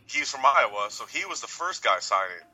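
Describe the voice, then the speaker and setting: Casting male podcast co-host with a bright, energetic voice. Animated storyteller who acts out quotes. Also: mid-range voice, normal speed, a little hiss or hum, poor audio. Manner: excitable storyteller, acts out quotes, laughs often. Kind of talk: casual chat.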